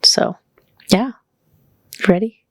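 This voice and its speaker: A woman's voice: takes it slowly, no room sound. A woman co-hosting a podcast, chatting casually and leaning heavily on "like" on a studio microphone. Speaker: podcast co-host.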